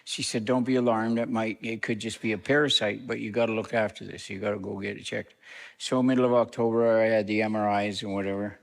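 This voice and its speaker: A man's voice: fairly low pitch, little pitch movement, brisk, creaky. An older man, a guest minister, telling a personal story to a congregation in a plain, conversational way. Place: church sanctuary. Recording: long church reverb.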